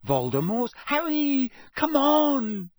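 A man's voice: extremely high pitch, sing-song, takes it slowly, no room sound, clean studio sound, voice pushed up, full character voice. A man voicing Hermione, a panicked teenage girl.

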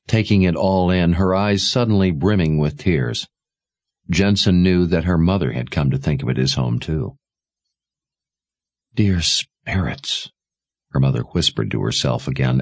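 Deep-voiced man narrating a story. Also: gravelly, no echo. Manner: measured, expressive storytelling. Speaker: audiobook narrator. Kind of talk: scripted narration.

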